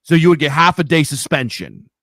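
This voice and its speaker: A man's voice: a little high, big pitch swings, a little fast, a bit bright, no echo. A middle-aged man from Pennsylvania with a Pennsylvania accent, telling stories loosely in a casual podcast chat and swearing freely. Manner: rambling storyteller, swears freely. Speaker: podcast host. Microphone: studio mic on a live stream.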